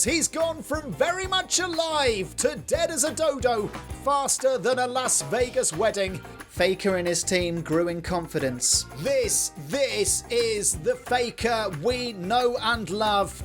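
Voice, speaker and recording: A man's voice: very high-pitched, a bit bright. A man delivering scripted comedy esports commentary with mock hype and absurd asides. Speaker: comic esports caster.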